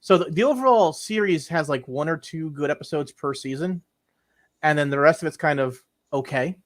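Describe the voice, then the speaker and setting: This young male podcast co-host speaks at a normal speed in a voice on the high side. His casual, meandering chat is full of crude humor and repeated words.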